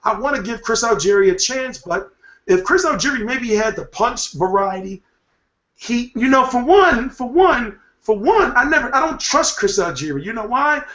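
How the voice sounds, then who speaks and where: Man, boxing show host, high voice, profane rambling rant, roomy echo, dull audio. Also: expressive, normal speed, sharp tone. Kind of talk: casual boxing commentary. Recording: echoey room, dull lo-fi sound.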